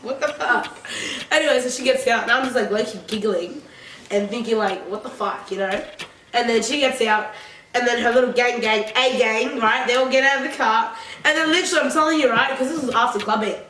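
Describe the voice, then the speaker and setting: A woman's voice: on the high side, brisk, a bit bright, recorded from a distance. Young woman, casual storytime, swears and rambles, echoey room, faint background noise. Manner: rambling, profane, filler-heavy. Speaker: vlogger.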